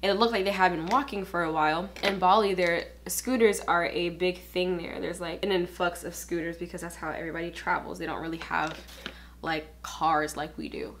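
A woman's voice: fairly low pitch, steady tone, a little fast, fairly bright tone, slight background noise. A woman chatting casually while doing her makeup, rambling with lots of fillers and openly emotional. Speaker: beauty vlogger. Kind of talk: casual get-ready-with-me chat.

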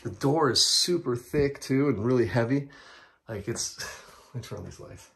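A man from the United States vlogging a casual walk-through of a big rental house, chatty and excitable, talking to viewers as guys and breathing a little heavily. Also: medium pitch, moderate pace, vocal fry, noisy background. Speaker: vlogger giving a house tour. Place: large rental house indoors.

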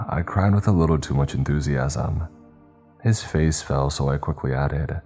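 A man narrating a horror story in a measured, tense way. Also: a bass voice, fairly even intonation, darkish tone. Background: faint background music.

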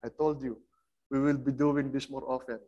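A man preaching a sermon as a guest speaker, swinging between loud and soft and getting the congregation to join in. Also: medium pitch, level tone, moderate pace, muffled recording.

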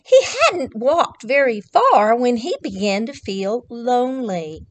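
Librarian reading picture books to children; high, animated, unhurried. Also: female voice. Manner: warm, sing-song, addresses children directly, counts along. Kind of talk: children's story time read-aloud.

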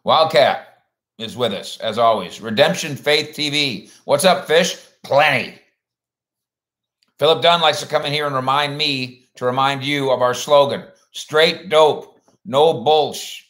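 A man's voice: medium pitch, unhurried, fairly bright tone. A man hosting a sports livestream in a rambling, folksy way, chatting casually and reading out viewer comments.

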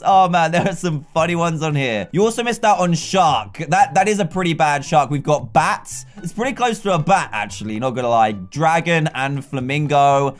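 A young man hosting a gaming video, giving excited commentary with frequent exclamations and laughs. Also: on the high side, normal speed, hardly any pauses, faint music behind.

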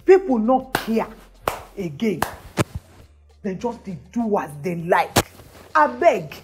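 A woman's voice: medium pitch, sing-song, slow, over loud music. A woman speaking with a Nigerian Pidgin accent, hosting a social commentary monologue, emphatic and exclamatory, full of rhetorical questions. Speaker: show host.

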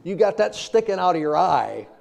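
A man's voice: high voice, moderate pace, creaky, slight background noise. A man preaching a sermon with humor, telling everyday stories, laughing often and quoting old-fashioned scripture. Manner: humorous, animated storytelling with frequent laughter.

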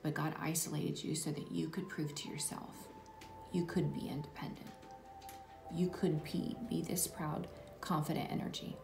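A woman gives a spiritual tarot reading in a soft, reassuring voice that often sinks to a whisper. Her tone sits low and carries a gravelly fry. She sounds distant from the mic in an echoey room, with steady noise behind her. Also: moderate pace, music in the background. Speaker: tarot reader.

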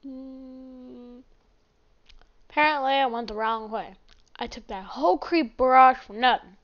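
A woman giving casual, excitable gameplay commentary as a channel host, chatty and prone to sudden shouts and apologies. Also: high voice, a little slow, muffled recording.

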